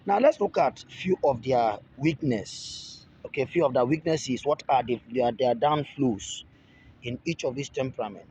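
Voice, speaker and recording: A relationship video creator with a mid-range, slightly mellow voice speaks unhurriedly, teaching in a casual monologue. He often repeats and restarts phrases and pleads with viewers, and the dull lo-fi audio carries a little hiss or hum.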